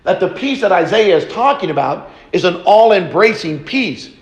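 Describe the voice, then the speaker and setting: Brief: male preacher, high voice, slow and deliberate, echoey church hall. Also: animated. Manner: slow, deliberate teaching with repeated phrases. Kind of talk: sermon. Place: church auditorium.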